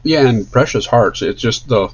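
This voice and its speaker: A man's voice: mid-range voice, expressive, normal speed, slightly rough, dull audio. A man streaming casually while he draws, chatting in an enthusiastic, rambling way. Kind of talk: casual chat while drawing.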